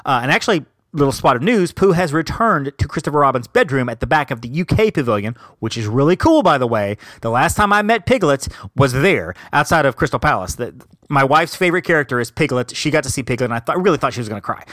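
A man's voice: medium pitch, sing-song, quick pace, a bit bright, no room sound. A man hosting a solo podcast in casual chat, enthusiastic and rambling, often breaking off to correct himself. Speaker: podcast host.

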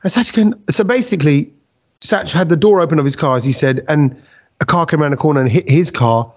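A man hosting a casual podcast, telling a story with lively acted-out quotes. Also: fairly high pitch, a little fast. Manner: animated storyteller who acts out quotes. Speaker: podcast host.

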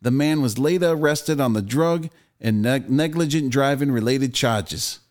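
A man's voice: moderate pace, natural voice. A man doing a mock Australian accent as he reads a news story aloud in an exaggerated voice. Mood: mock reading. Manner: exaggerated, raised pitch and loud.

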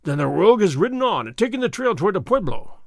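A man voicing a loud, bullying soldier sergeant who blusters and threatens, in an audiobook reading. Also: sits high, very animated, fast, creaky, no room sound, clean studio sound, heavily acted. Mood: blustering.

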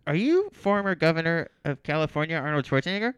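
Guy playing a polite fast-food cashier, smooth voice, bouncy up and down. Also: a little high, sing-song, fairly bright tone, no echo. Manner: quick, customer-service patter. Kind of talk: improvised comedy sketch.

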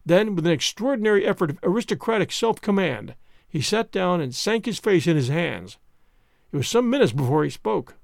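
Guy reading an audiobook, fairly high voice, lively, gravelly. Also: brisk, no room sound, studio quality. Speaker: narrator. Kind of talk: scripted audiobook narration.

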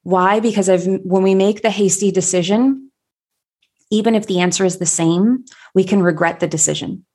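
A woman telling a personal story in a reflective, conversational way, pausing often with fillers. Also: mid-range voice, a little mellow, husky.

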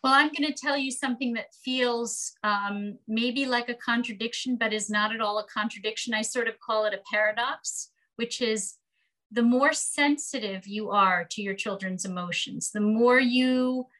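A woman's voice: on the high side, moderate pace, a bit bright, low-quality recording. A woman speaking as a psychoanalyst and parenting expert guest in an interview, explaining emphatically and often checking in with "right?".

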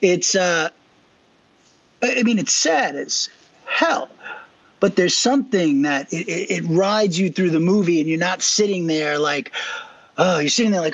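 A man's voice: high voice, lively intonation, unhurried, dry recording. A middle-aged man co-hosting a podcast in casual chat, rambling, laughing often and losing his train of thought. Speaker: podcast co-host.

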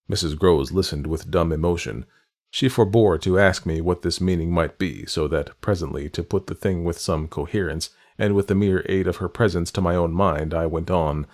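A man reading a classic novel aloud as narrator, measured and literary in his delivery. His voice sits on the low side, and the long, winding sentences are paced with care. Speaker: audiobook narrator.

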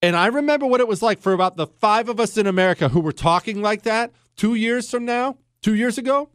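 A man's voice: high-pitched, lively intonation, quick pace, a bit bright, clean tone, no echo, studio quality. A middle-aged man hosting a political talk show, indignant and sarcastic in his commentary. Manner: indignant and sarcastic, voices mock quotes. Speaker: podcast host.

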